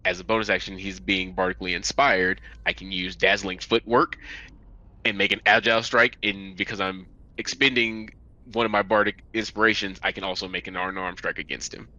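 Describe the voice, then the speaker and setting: Bright-voiced man playing a tabletop game. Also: low-pitched, a little fast, lo-fi sound. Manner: animated, describes his character's moves. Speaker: player.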